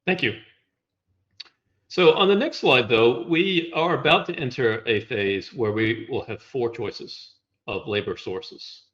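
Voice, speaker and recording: A man walking through slides in a relaxed conversation, explaining step by step with a wry touch. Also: mid-range voice, takes it slowly, lo-fi sound. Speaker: guest presenting slides.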